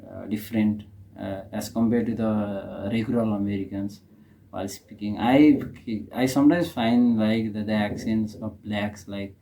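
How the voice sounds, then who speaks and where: A man's voice: on the low side, fairly even intonation, measured pace, dark tone, a little hiss or hum, rough recording. A young man from Nepal with a Nepali accent, hosting a reaction video in casual, hesitant commentary full of fillers and restarts.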